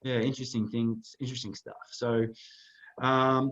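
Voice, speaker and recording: A man chatting loosely on a sports podcast, his voice sitting in an ordinary middle pitch. He meanders, restarts and fills gaps with "um" while talking through pictures. The recording sounds slightly dull and lo-fi. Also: steady tone, normal speed. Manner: rambling, talks through photos with many fillers. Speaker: podcast co-host. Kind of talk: casual sports podcast chat.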